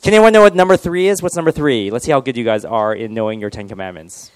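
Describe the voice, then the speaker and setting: A man's voice: mid-range voice, animated, quick pace, smooth, no room sound. A male pastor giving a casual, joking sermon and quizzing his congregation.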